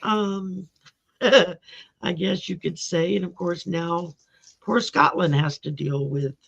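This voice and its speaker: A woman's voice: fairly low pitch, fairly even intonation, takes it slowly, gravelly. A woman hosting a live tarot stream in a rambling, laid-back way, reading out viewer names. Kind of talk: casual live-stream chat. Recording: dull lo-fi stream audio.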